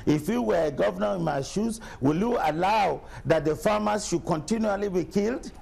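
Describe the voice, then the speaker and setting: Fielding questions in a TV news interview, a middle-aged governor of a Nigerian state argues hard, using rhetorical questions. His husky, creaky voice sits high, moving at a moderate pace with hardly any pauses.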